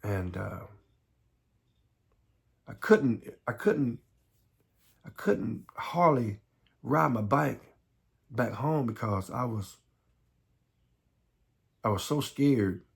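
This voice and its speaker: Gravelly-voiced man from the American South, halting earnest life story, near tears. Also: mid-range voice, expressive. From Southern United States. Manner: halting, repeats words, earnest. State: close to tears. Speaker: vlogger.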